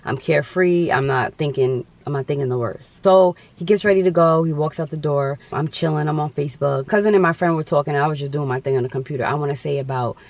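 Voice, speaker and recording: A man's voice: on the high side, fast talker, hardly any pauses, dry recording. A young man telling a dramatic personal story on his vlog, with emphatic repetition. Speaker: vlogger.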